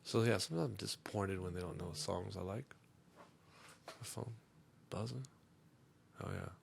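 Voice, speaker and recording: A middle-aged man on a comedy podcast telling a profane story, swinging between loud outbursts and muttered asides. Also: deep voice, moderate pace, vocal fry, a little hiss or hum. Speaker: podcast host.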